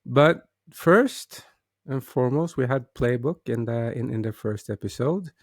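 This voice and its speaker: A man's voice: medium pitch, lively intonation, a little slow, no room sound, studio quality. A man hosting his own show, talking casually and hesitantly, with frequent restarts and repeated words. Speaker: host. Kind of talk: casual solo talk.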